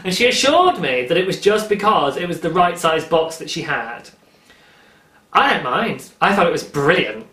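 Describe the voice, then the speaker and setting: A man in his thirties hosting a knitting podcast, talking quickly and excitedly, with frequent laughs. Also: a little high. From United Kingdom. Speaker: podcast host. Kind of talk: casual knitting podcast chat. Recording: roomy, echoey room.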